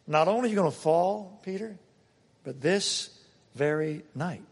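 A man preaching a sermon and reading scripture aloud, emphatic, swinging between loud passages and hushed ones. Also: fairly high pitch, expressive, unhurried, breathy edge. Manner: dramatic reading of scripture quotes. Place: church. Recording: long reverb of a church hall.

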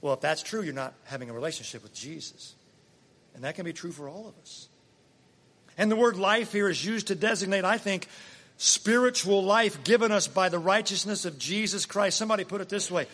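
A man's voice: sits high, fairly quick, fairly bright tone, in a large hall. A man preaching a sermon in a conversational way, often asking his listeners questions. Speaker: pastor.

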